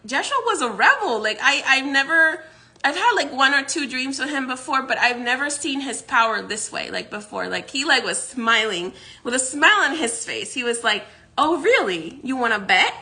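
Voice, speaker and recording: A woman's voice: sits high, expressive, normal speed, bright, forceful tone. A woman vlogger casually recounting a dream, rambling with many restarts and frequent laughs. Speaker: psychic vlogger. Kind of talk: casual storytelling.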